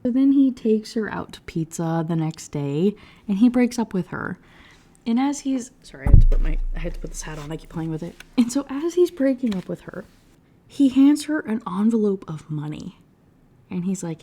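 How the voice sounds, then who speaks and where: A woman giving a casual, profane rant review, retelling scenes with sarcastic asides and quick put-on voices. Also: mid-range voice, sing-song, mellow, breathy edge. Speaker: book reviewer.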